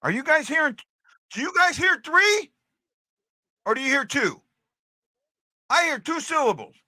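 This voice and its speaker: A man's voice: very high voice, big pitch swings, measured pace, long pauses, bright, forceful tone, no echo, studio quality. A man hosting a casual hockey livestream, chatting to his viewers and repeating himself as he talks. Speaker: hockey podcast host.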